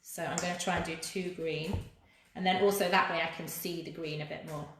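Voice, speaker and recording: A woman's voice: fairly low pitch, steady tone, fairly quick, a bit bright, heavy reverb, slight background noise. A woman leading a live cooking demonstration for children, chatty and encouraging as she talks to viewers while she works. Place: kitchen.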